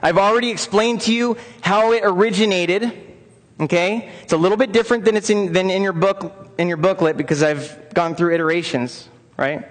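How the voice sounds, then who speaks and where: High-voiced man coaching a conference crowd. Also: moderate pace. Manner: upbeat, coaxes the audience into joining in. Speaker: conference presenter for personal trainers. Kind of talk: interactive conference lecture. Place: large conference room. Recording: long reverb of a conference hall.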